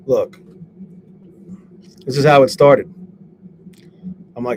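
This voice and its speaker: A man on a live stream, swearing a lot and talking excitably while he reads out viewers' names and goes over his trades. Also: medium pitch, slow pace, long pauses. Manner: profane, excitable, shouts out chat viewers. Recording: steady background noise.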